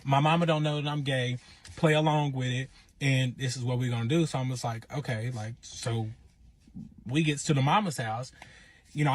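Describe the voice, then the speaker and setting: A man telling his own relationship story in casual, animated storytime style, acting out quotes. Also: mid-range voice. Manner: animated, acts out quotes in raised voice.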